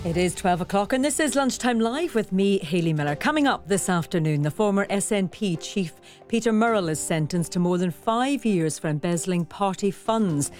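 A woman presenter opening a radio show, crisply reading the coming headlines. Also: medium pitch, lively intonation, normal speed, a little mellow, faint music behind.

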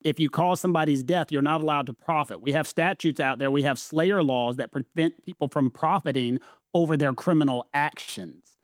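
A man's voice: a little high, dry recording, clean studio sound. Emphatic Southern man on legal matters. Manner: emphatic, drawn-out stresses, repeats phrases. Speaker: legal analyst co-host. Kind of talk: casual legal discussion.

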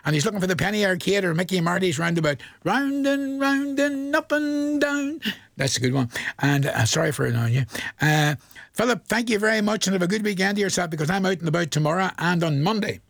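A man's voice: high voice, expressive, fast, vocal fry, fairly bright tone, no room sound, clean studio sound. A man with a Northern Irish accent presenting a radio request show, chatting jovially and chuckling as he reads out listener messages. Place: radio studio.

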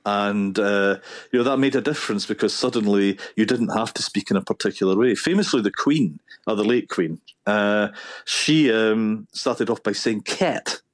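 A man with a Paisley Scottish accent, a linguistics professor speaking in a radio interview in a measured way, with frequent "uh" fillers. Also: fairly low pitch, dry recording. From Scotland.

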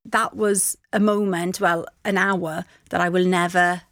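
A middle-aged woman, a guest on a show, telling a story in a lively way. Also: on the low side, measured pace, no room sound, clean studio sound. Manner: lively storyteller, acts out quoted voices. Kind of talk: anecdotal chat.

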